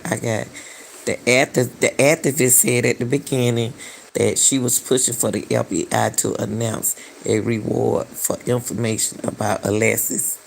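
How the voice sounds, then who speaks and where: Middle-aged woman commentator with a gravelly voice and an unhurried, emphatic delivery full of rhetorical questions. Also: very deep voice, slight background noise. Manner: emphatic, repeats phrases, fires rhetorical questions. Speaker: commentary channel host. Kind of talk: casual commentary on a missing-person case.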